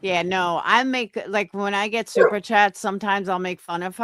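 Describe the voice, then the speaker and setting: A woman's voice: mid-range voice, fairly even intonation, normal speed, fairly bright tone, clear, resonant tone, no echo, studio quality. A woman on a livestream panel talking bluntly, swearing and mocking others. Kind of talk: casual livestream chat.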